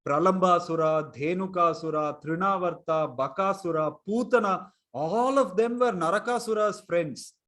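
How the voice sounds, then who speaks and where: A man's voice: high-pitched, moderate pace, hardly any pauses, a bit bright. A man telling a story to children in an online class, chuckling and quizzing them. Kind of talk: storytelling lesson for kids online.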